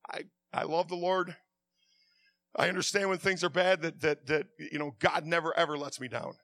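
Impassioned high-voiced male preacher. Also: fairly even intonation, normal speed, dry recording. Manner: impassioned, swings from hushed to shouting, stammers and repeats words. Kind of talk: sermon.

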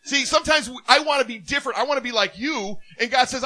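A man preaching a sermon as a minister, telling stories in an animated way and laughing often. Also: very high voice, fast talker.

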